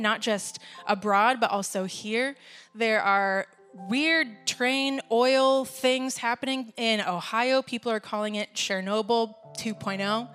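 A woman's voice: a little high, a bit bright. A woman leading a church service, talking casually and laughing at herself. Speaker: worship leader. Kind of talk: sermon with casual asides.

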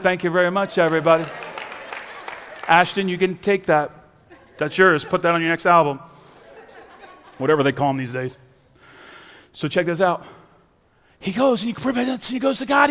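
High-voiced emphatic male pastor. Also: moderate pace, pauses often, long reverb tail. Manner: emphatic, repeats lines, swings from loud to hushed. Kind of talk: sermon. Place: large church serving several sites.

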